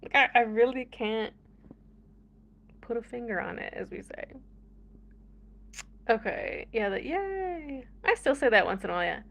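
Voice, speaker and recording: A woman's voice: on the high side, normal speed, creaky, long pauses, fairly bright tone. A young American woman chatting casually to her viewers, playful and laughing often as she talks. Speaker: vlogger. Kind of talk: casual chat to camera.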